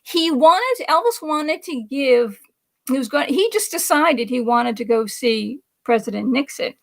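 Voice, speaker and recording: A middle-aged woman hosting a chatty political livestream, reading viewer comments aloud. Her voice sits high, with a gravelly fry through it. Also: expressive, a little slow. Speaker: livestream host.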